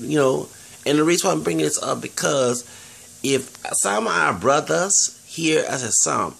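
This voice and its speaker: Texan guy w/ a real gravelly voice, rambling on earnestly to camera, lots of restarts. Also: mid-range voice, a bit bright. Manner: earnest, digressive, many restarts and fillers. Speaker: vlogger.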